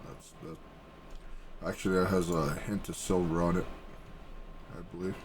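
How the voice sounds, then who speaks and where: A man's voice: low-pitched, flat delivery, normal speed, a little hiss or hum. A man, an artist, casually telling a story for his vlog in a rambling way. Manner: rambling, casual, with restarts and fillers.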